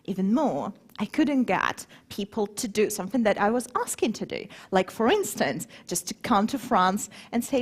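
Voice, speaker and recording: A woman's voice: medium pitch, normal speed, few pauses, breathy edge. A woman who grew up between Moscow and Warsaw, giving an engaging conference talk and quizzing the audience. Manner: lively, engaging, asks the audience questions. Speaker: conference speaker.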